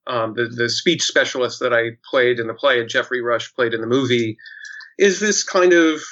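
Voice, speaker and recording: A man's voice: medium pitch, moderate pace, pushed and bright. A man, an actor, telling a story in casual chat, with many fillers and restarts. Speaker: actor guest. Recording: dull lo-fi sound.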